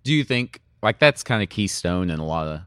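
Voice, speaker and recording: A male podcast co-host in casual chat who mostly chimes in with short, wry jokes. His voice sits on the low side, and it sounds dry and close. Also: very animated, fairly quick, a bit bright, clear, resonant tone, dry recording. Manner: wry, joking side remarks.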